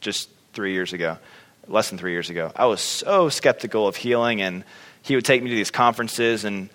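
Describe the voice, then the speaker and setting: A man shares a personal faith testimony in a casual, chatty way, full of fillers and acted-out reactions. His lowish voice is brisk and a bit bright, and a long hall reverb surrounds it.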